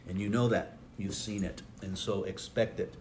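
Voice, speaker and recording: Low-voiced male pastor preaching. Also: fairly even intonation, normal speed, darkish tone, slight background noise. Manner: preaching, acts out quotes with rising voice. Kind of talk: sermon.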